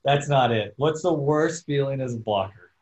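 Male co-host, animated storyteller, casual banter, recorded in a roomy space. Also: medium pitch, moderate pace. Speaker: volleyball player and podcast co-host. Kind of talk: casual chat. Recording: roomy echo.

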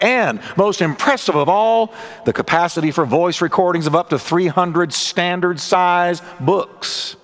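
Animated, lively preaching man. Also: fairly high pitch. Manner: storytelling preacher, acting out voices in a joke; animated, emphatic delivery. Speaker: pastor. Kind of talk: sermon.

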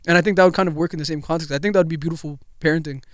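Young male co-host, rapid profane chatter, slightly high, dry close mic. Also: no echo. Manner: swears freely, rambling and animated. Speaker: podcast co-host. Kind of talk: casual chat.

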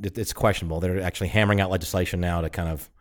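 A man's voice: low-pitched, steady tone, racing. A man co-hosting a casual podcast, bantering drily and telling a rambling story. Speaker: podcast co-host. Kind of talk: casual chat.

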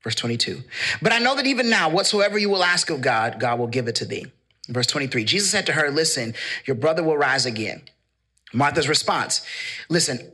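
Bright-voiced preacher man. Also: fairly high pitch. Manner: paraphrases verses casually, calls for congregation responses. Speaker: pastor. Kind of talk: sermon with scripture reading.

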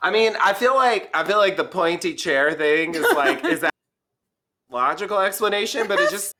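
A man's voice: high voice, lively intonation, a little fast, bright, forceful tone. A man in a casual podcast discussion, hesitant and full of restarts and "like".

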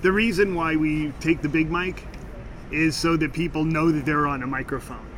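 A man's voice: on the high side, steady tone, moderate pace, a bit bright, distant mic, a little hiss or hum. A man hosting a show, chatting and joking as he interviews guests at a busy stamp show. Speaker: host and interviewer.

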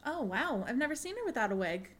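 A woman with a Long Island accent, co-hosting a casual podcast chat, chatty and quick to laugh. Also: sits high, sing-song, fairly bright tone. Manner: laughs often, chatty and enthusiastic. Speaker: podcast co-host.

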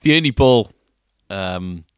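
A man's voice: fairly low pitch, expressive, slow, clean tone, dry recording, studio quality. A man co-hosting a casual shop podcast, chatty and rambling, laughing easily. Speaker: podcast co-host, guitar shop staff. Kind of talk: casual chat.

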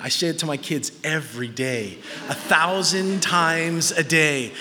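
Male pastor, thirties, bright forceful voice, high pitch, sermon with jokes, long reverb. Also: normal speed, hardly any pauses, slight background noise. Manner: animated and joking, pitch jumping up when quoting.

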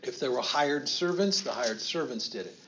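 A man preaching a sermon, telling the story in an animated way with slow, emphatic phrases and quiet asides. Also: mid-range voice, lo-fi sound, a little hiss or hum. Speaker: pastor.

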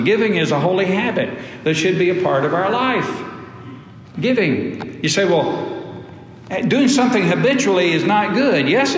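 A man preaching a sermon to his congregation, emphatic and repeating key phrases. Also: on the high side. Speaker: pastor. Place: church sanctuary. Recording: echoey hall.

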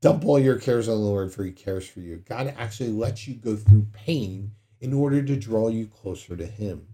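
A man's voice: lowish voice, normal speed, dark tone. A man preaching a sermon in a conversational way, acting out prayers with sudden dramatic outbursts. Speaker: pastor.

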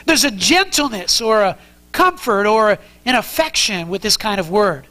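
A man's voice: high voice, animated, normal speed, bright, forceful tone, rough recording. A man preaching an expository sermon as pastor, earnest and conversational as he explains the text. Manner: earnest, conversational teaching with frequent restarts.

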